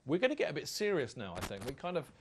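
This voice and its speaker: A man's voice: on the high side, wildly swooping pitch, quick pace, slight background noise. A man hosting a casual fan podcast, chatty and rambling, reading out quotes. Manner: rambling, chatty, does comic voices when quoting. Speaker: podcast host.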